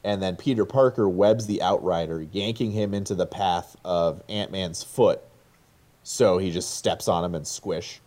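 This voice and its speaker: A man in his thirties recounts a movie scene by scene in a lowish, unhurried voice. He is openly excited and swears freely, in a loose podcast chat. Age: 30s. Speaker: podcast co-host. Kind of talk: casual retelling of a movie.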